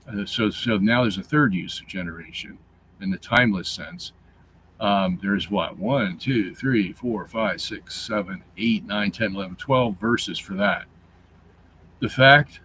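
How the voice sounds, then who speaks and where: A man hosting a show, explaining scripture and its Greek grammar in a deliberate, teacherly way, with fillers and repeated words. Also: on the low side, fairly bright tone, a little hiss or hum, low-quality recording. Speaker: show host reading his Bible commentary.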